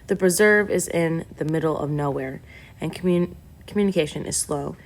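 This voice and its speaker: A helpful teenage boy from a storybook, read by a woman. He speaks matter-of-factly in a low, gravelly voice. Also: normal speed. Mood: earnest.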